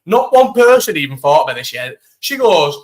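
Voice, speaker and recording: A young man telling an animated, swear-filled story while chatting to a live stream audience. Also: on the high side, normal speed. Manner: animated, swears freely, talks to live chat. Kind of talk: casual storytelling chat.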